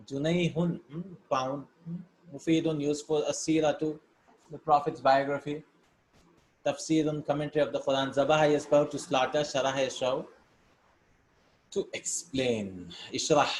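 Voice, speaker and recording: A man's voice: a little high, level tone, moderate pace. A man teaching an Arabic lesson, reading Arabic words and sentences, explaining them step by step in English and checking in with "right?". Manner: explains step by step, asks "right?" between points. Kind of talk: recorded language lesson. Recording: echoey room with faint background hiss.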